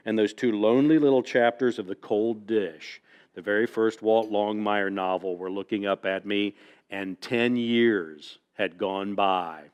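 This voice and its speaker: In a clear, resonant mid-range voice, an American man speaks to an audience as an author, spinning folksy stories punctuated by "like that." The recording carries long reverb from the library event hall.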